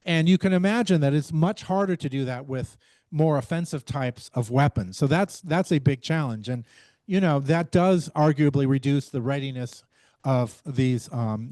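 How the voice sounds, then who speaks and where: A man presents his research in a measured academic talk, pausing on fillers and correcting himself as he goes. His voice sits in the middle range, recorded dry and close with little room sound. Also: medium pitch, dark tone, dry recording. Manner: measured, frequent fillers and restarts.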